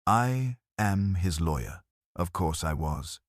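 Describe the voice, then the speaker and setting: A man's voice: low-pitched, expressive, takes it slowly, no echo, studio quality. A man voicing a middle-aged male lawyer who speaks in a tight, strained, indignant way. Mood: tense, defensive.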